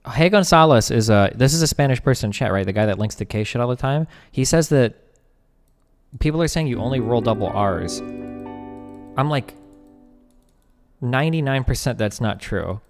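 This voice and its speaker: A young man doing casual live-stream commentary, reading text aloud fast and breaking off to chat, joke and swear. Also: mid-range voice, animated, in a large hall, faint music behind.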